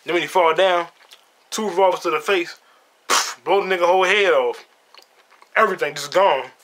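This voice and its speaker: Bright-voiced man swearing through a movie recap. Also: high voice, normal speed. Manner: profane, laughing storyteller who retells scenes. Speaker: podcast host. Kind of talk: casual solo movie review.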